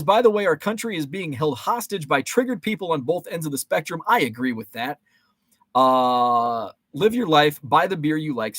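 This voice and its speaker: A man's voice: fairly high pitch, a bit bright, no room sound. A man in his forties hosting a casual live-stream chat, rambling and joking with many fillers and restarts.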